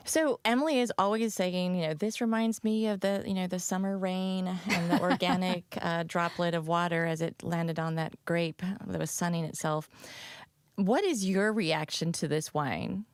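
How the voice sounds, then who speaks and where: A low-pitched woman co-hosting a podcast, joking in casual chat. Her voice is recorded dry and close in a studio. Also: moderate pace, clear, resonant tone, no echo. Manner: joking, chatty. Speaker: podcast co-host.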